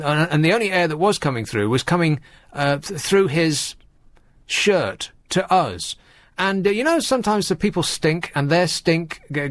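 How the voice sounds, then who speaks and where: A man's voice: a little high, no echo. A man hosting late-night radio, telling rambling wry stories. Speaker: radio host.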